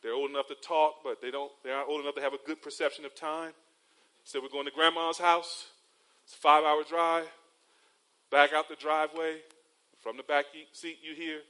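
A male pastor delivers a sermon with a somewhat high voice. He is from North Carolina and weaves stories into his preaching, tossing in rhetorical tags and calling the congregation beloved. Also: little pitch movement, normal speed, sharp tone, poor audio. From North Carolina, USA.

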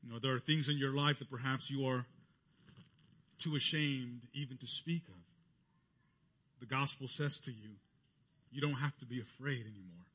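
A man's voice: moderate pace, long pauses, fairly bright tone, slightly rough. A man preaching a sermon earnestly, lifting his voice when he quotes others. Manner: earnest preaching, voicing quoted speech with rising pitch. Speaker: pastor.

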